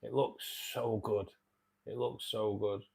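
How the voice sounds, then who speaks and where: Manchester bloke in his 40s, lowish voice, chats with his viewers like mates. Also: little pitch movement, slow pace, creaky, a little mellow, breathy edge. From England, outskirts of Manchester. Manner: chatty, matey, reads out and answers viewer comments. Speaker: livestream host. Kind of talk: casual livestream chat.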